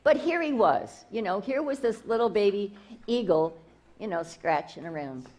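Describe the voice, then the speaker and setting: A woman's voice: mid-range voice, lively intonation, normal speed, a little mellow. A woman spiritual teacher giving an enthusiastic inspirational talk, repeating herself and restarting phrases often.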